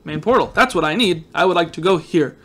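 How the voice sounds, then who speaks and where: A man narrates his game session in a loose, chatty way, drifting into jokes and asides to his viewers. His voice sits a touch higher than most men's. There is a slightly groggy, just-woke-up edge to it. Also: animated, a little fast, fairly bright tone. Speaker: gaming video host. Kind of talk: casual let's-play commentary.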